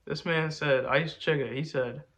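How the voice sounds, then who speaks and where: A man's voice: fairly high pitch, fairly even intonation, unhurried, fairly bright tone. A young man chatting casually, rambling and boastful, full of slang like bro and man. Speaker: rapper answering fan questions. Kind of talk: casual chat.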